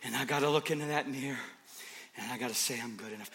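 A man preaching a sermon, swinging from hushed whispers to shouts with repetitive, emphatic phrasing. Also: medium pitch, quick pace.

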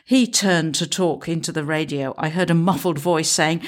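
Woman narrator, comic story, dry wry delivery, lowish voice. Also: fairly even intonation, moderate pace.

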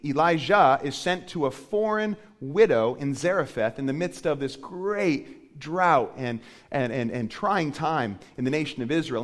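A male pastor preaching a sermon with animated storytelling, often slipping into quoted voices. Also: on the high side.

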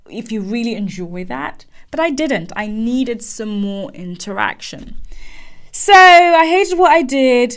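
A young adult woman coaching listeners on careers, telling a personal story with emphatic repetition. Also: on the high side. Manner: animated storytelling, frequent restarts and emphatic repetition. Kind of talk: advice monologue with personal story.

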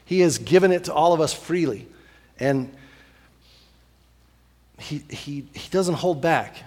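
A man preaching a sermon as pastor, animated and repetitive, acting out little voices as he tells a story. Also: on the high side, measured pace, in a large hall.

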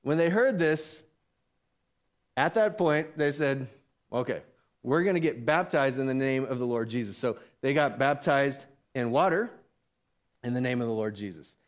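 A man preaching a sermon, animated and acting out the voices of the people he talks about. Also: medium pitch, moderate pace. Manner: animated, acts out voices of biblical figures. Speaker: pastor.

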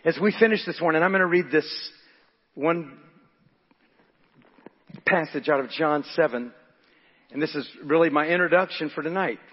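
A man's voice: a little high, moderate pace, long pauses, slightly rough. A man preaching a sermon as pastor, impassioned and often laughing. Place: church. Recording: dull echoing hall sound.

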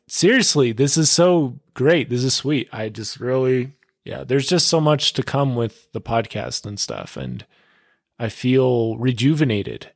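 Excitable young man, dry close sound. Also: mid-range voice, no echo. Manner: excitable, upbeat, full of filler words and "dude". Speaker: podcast host. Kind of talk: casual solo podcast monologue.

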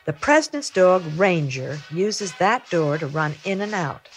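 An older woman reading the lines of a spoiled rich young girl, showy and know-it-all. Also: low-pitched.

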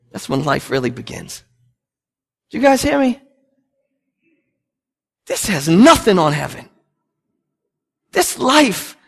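A man in his thirties, a pastor preaching a sermon and telling family stories with lively acted-out dialogue. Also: a little high, vocal fry. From United States. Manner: storytelling, animated, acts out family scenes.

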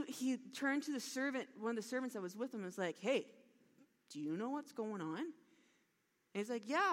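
A woman giving a sermon, retelling a parable with lively storytelling and acted-out lines. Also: a little high. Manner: animated storytelling with acted-out dialogue. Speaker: preacher. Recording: long hall reverb.

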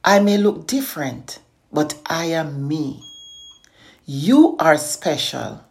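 A middle-aged woman slowly reciting a devotional poem, earnest and consoling. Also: low voice, sing-song, gravelly, a little mellow. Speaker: poet and inspirational speaker.

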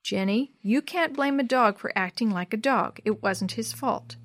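A woman reading the lines of a calm, patient mother in a storybook. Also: a little high, moderate pace, close to an everyday voice.

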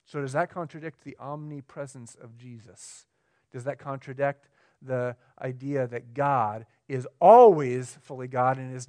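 A pastor preaching a sermon, swinging between emphatic, raised lines and quiet, low ones, often checking in with the congregation. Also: male voice. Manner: asks the room questions, conversational.

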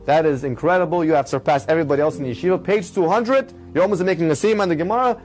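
A man's voice: on the high side, very fast, darkish tone, faint music behind, voice pushed up, lightly acted. A man voicing an elderly rabbi who praises a struggling student with rising, emphatic enthusiasm. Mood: effusive. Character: elderly revered male rabbi, warm and encouraging.

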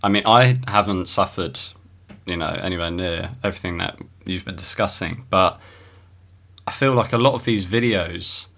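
A man co-hosting a podcast, chatting casually in a relaxed, agreeable way and thinking out loud. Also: sits low, normal speed. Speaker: podcast co-host. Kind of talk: casual chat.

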